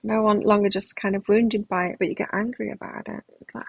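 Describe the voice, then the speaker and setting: Middle-aged woman doing a live tarot read, raspy voice, dry room, talks about healing in a reflective way. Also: medium pitch, level tone, fairly quick, no echo, dull audio. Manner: reflective, self-help tone, frequent restarts. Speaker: tarot reader. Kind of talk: live tarot reading chat.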